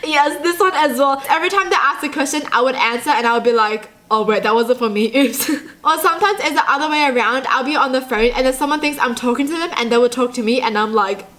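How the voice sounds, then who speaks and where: A woman with a high, light voice hosts a casual reaction vlog. She talks in a chatty, self-mocking way, tossing quick asides straight to her viewers. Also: fairly bright tone. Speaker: YouTube host.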